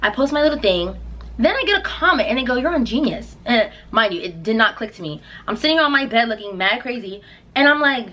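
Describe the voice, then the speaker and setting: A young woman telling a casual storytime vlog, acting out her own quotes with big jumps in pitch. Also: sing-song, a little fast, bright, forceful tone. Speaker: singer and vlogger.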